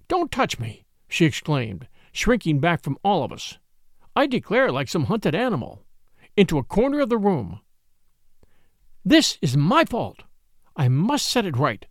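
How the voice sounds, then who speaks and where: A man voicing a proud, fierce young woman in a storybook reading, sharp and sneering. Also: high-pitched, no echo, studio quality, full character voice. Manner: sharp, sneering, then frantic.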